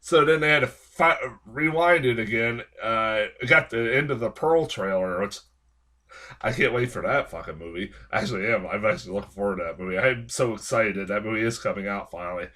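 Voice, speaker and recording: A man's voice: lowish voice, fairly quick, sharp tone. Profane, rambling man reviewing a movie. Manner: rambling and heavily profane, with frequent fillers; exasperated ranting. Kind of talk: casual spoken film review.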